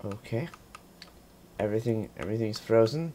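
A man playing a horror game and commenting as he goes, jumpy and quick to swear, thinking out loud about what he sees. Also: medium pitch, slight background noise. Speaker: gaming channel host.

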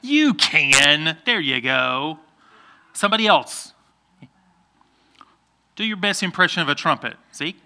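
A man's voice: fairly high pitch, animated, measured pace, long pauses, pushed and bright. A man pastor giving a playful children's sermon, coaxing the kids by name to join in.

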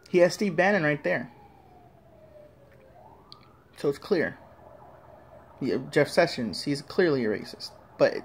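Man ranting and scolding with profanity. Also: fairly high pitch. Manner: profane, heated, repetitive, scolding. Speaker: vlogger. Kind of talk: angry political rant to camera.

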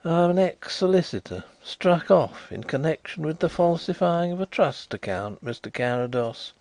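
A man's voice: on the high side, lively intonation, normal speed, darkish tone, no echo, pitched above the performer's own voice. A man voicing an earnest, slightly flustered middle-aged ex-solicitor turned detective in an audiobook reading.

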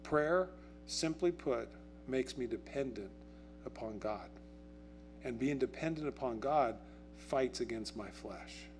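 A pastor speaking casually and directly to his congregation, often stopping to ask them questions. His voice sits at an ordinary middle pitch for a man. A guitar plays quietly behind him. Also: takes it slowly. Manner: conversational, asks the congregation questions; acts out quotes in a raised, excited voice. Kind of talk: sermon. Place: church.

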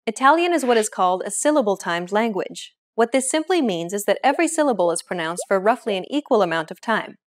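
A young adult woman hosting a language lesson, explaining in a clear, measured scripted way. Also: medium pitch, expressive.

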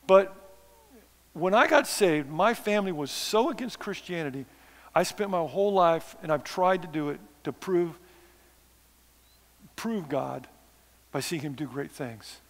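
Self-mocking preacher in a reverberant hall. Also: male voice, on the high side, animated, unhurried, pauses often. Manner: conversational, self-deprecating, sarcastic asides. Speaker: missionary preacher. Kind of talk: sermon. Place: church sanctuary.

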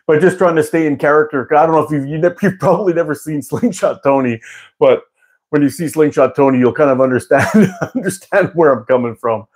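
A man's voice: fairly high pitch, a little fast. A man hosting a live stream, chatting casually with viewers in a rambling way and laughing often. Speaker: live-stream host answering chat.

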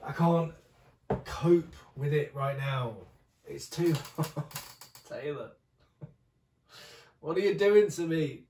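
A man's voice: fairly high pitch, slow, pauses often, darkish tone, echoey room, slight background noise. A young British man reacting to a music video, gushing and exclaiming as he is overwhelmed, with some swearing. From Britain.

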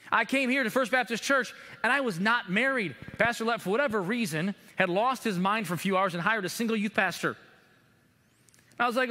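A middle-aged male pastor preaching a sermon, animated and acting out prayers to God. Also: high-pitched, brisk. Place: church sanctuary. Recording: long hall reverb in a church.

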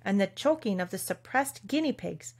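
Brief: a woman narrating a children's storybook, expressive and measured, middle pitch. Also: slightly rough. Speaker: audiobook reader. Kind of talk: storybook reading.

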